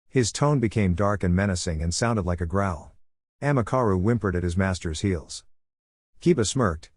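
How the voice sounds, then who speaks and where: A man reading a fan fiction story aloud in a steady, even narration. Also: low voice, moderate pace, no room sound, studio quality.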